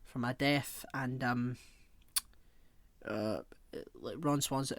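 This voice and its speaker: A man co-hosting a podcast, chatting casually and rambling, often pausing to hunt for the right word. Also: mid-range voice, a bit bright, dry recording. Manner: rambling, searches for words with many fillers. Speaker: podcast co-host. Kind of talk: casual chat.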